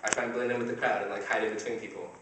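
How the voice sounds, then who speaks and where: A man's voice: lowish voice, steady tone, very fast. Young man doing stand-up in an echoey hall. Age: young adult. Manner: conversational, asks the crowd "right?" often. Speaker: stand-up comedian. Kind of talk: stand-up comedy set. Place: university comedy competition stage, audience laughing. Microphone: filmed by a shaky camera from the audience. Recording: echoey hall taped from far off, noisy.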